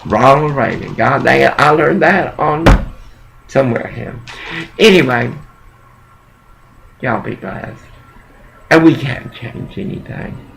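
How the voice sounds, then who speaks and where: Gravelly man ranting. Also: medium pitch, expressive, slow, long pauses, a bit bright, soft background music, rough recording. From Texas. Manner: profane, heated, rambling rant. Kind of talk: ranting monologue to camera.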